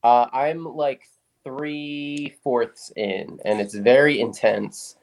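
A man's voice: medium pitch, slow pace. A man chatting on a podcast, rambling and swearing casually as he explains things. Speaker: podcast guest. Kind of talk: casual chat.

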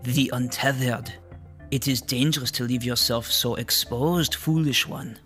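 A man voicing an ancient male tree-spirit guide who speaks slowly and solemnly, as if handing down verdicts. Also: mid-range voice, fairly even intonation, fairly bright tone, soft background music, lightly acted. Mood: grave. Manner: slow, measured, pronouncing verdicts.

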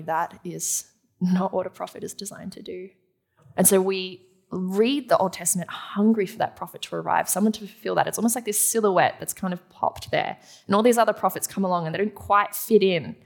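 A woman delivers a sermon in a slightly low, gravelly voice. She teaches along the way, posing questions to the congregation and then answering them herself.

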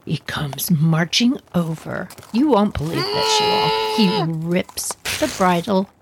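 A woman hosting a personal storytelling podcast, talking in an animated way and acting out the voices, recorded with steady background noise. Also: on the low side, slow pace. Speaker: podcast host.

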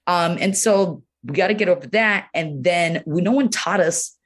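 A woman's voice: fairly low pitch, moderate pace, hardly any pauses. A woman urologist speaking as a guest in an interview, talking frankly and animatedly, full of "you know" and acted-out quotes. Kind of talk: candid conversational interview.

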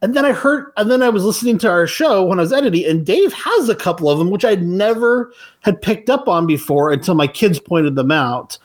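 Podcast host, man, conversational and anecdotal, a bit high-pitched. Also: sing-song, fairly quick. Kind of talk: casual chat.

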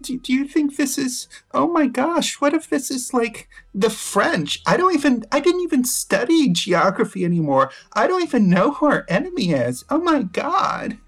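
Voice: mid-range voice, very animated, moderate pace. Dottie, a player's frantic valley-girl teen. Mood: panicky. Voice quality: valley-girl talk, full of "like". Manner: escalating wails, breathless hysteria. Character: panicky teenage girl, dramatic and self-absorbed. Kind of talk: tabletop role-play.

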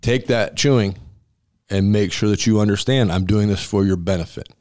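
Low-voiced male restaurant owner, blunt and emphatic, casual interview storyteller. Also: moderate pace, a little mellow. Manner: emphatic and blunt, acting out dialogue with laughs. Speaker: restaurant owner and former college football center.

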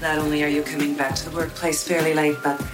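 An older actress playing a tough, poised senior woman law partner who mentors in a measured, firm way, from a TV drama clip. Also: low voice, level tone, natural voice. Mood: mentoring. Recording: drama clip with music underneath.

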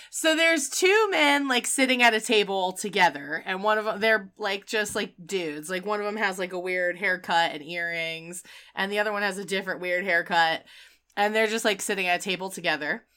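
A woman's voice: medium pitch, normal speed, bright, forceful tone, clean tone. A woman casually recapping a movie, full of "like" and laughter, quoting characters as she goes. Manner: chatty, filler-heavy retelling with quoted voices and laughter. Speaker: podcast co-host recapping a film. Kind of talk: casual chat.

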